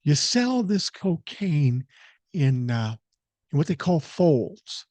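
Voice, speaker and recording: Guy putting on a brash young college jock hustler, cocky and salesy, swearing, voice a little high. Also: sing-song, slow pace, a little mellow, dry recording.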